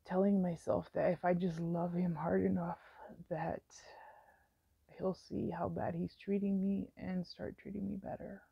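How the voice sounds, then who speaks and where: Low gravelly woman, frank and rambling. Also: flat delivery, a little slow, no echo, highs cut off. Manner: frank and meandering, with many fillers. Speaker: vlogger telling her own story. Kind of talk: candid personal storytime.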